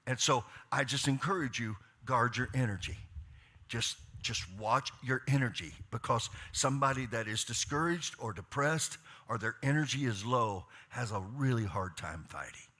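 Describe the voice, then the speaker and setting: A male pastor preaching a sermon, speaking warm encouragement to the congregation. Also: medium pitch, normal speed. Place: church stage.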